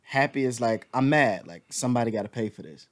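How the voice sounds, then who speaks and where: A man's voice: mid-range voice, expressive, a little fast. A man co-hosting a casual podcast, teasing his friend with frequent laughter, then talking frankly about his feelings. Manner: laughs often, joking and teasing, turns reflective. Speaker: podcast co-host. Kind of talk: casual chat.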